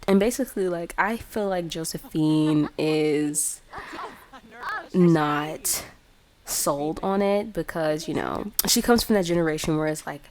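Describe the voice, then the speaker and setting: A young woman with a slightly low voice who gives casual, chatty commentary over a life-sim game. She talks in a playful, filler-heavy way and sounds relaxed. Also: a little slow. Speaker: let's play host.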